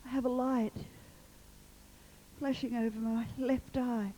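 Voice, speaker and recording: A woman taking part in a seminar exercise, speaking in halting, pained bursts. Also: a little high, level tone, dark tone. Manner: halting, pained, often groaning. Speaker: seminar participant. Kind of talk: emotional release exercise. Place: seminar hall. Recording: seminar tape with long hall reverb.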